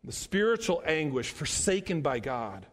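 A male pastor delivers a sermon in a fairly high voice. He repeats his phrases and slows right down to lean on the words that matter. Long reverb from a large hall trails behind every line. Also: sing-song.

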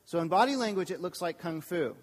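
A man with a somewhat high voice delivers a sermon as a campus pastor. He preaches with energy and keeps turning to the congregation with questions. His voice carries a long reverb from a church hall. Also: brisk. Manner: lively, asks the congregation questions.

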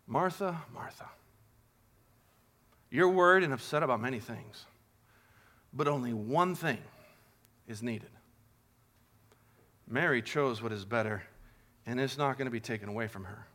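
A kind, loving male teacher speaks softly and tenderly , voiced by a male preacher. The voice drops below the preacher's own and stays quiet and calm, with a bright edge. It is a sermon retelling rather than a staged drama. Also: medium pitch, pitched below the performer's own voice. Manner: soft, slow and tender.

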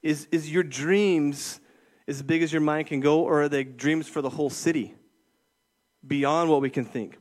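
Speaking in a slightly high voice, a middle-aged youth ministry director gives a relaxed sermon. He often pauses to ask "okay?" or "right?" to make sure his listeners are with him.

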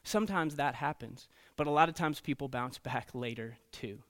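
A man preaching to teenagers as a youth pastor, telling stories in an animated way and checking in often with "okay?" and "right?". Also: mid-range voice, moderate pace. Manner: storytelling, animated, frequent "okay?" and "right?" asides. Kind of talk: sermon to teenagers.

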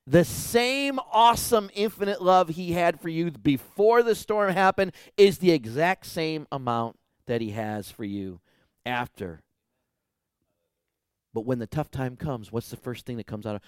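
A man preaching a sermon as pastor, swinging from hushed asides to loud, pleading outbursts. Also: mid-range voice, lively intonation, normal speed, dry recording, studio quality.

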